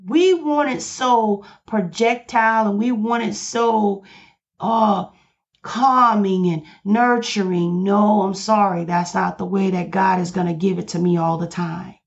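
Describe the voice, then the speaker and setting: A woman preaching on her own podcast in a slow, deliberate delivery with a gravelly edge to her voice. She is passionate and emphatic and drives home key lines by repeating them. The recording sounds somewhat dull and lo-fi. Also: mid-range voice. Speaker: pastor and podcast host.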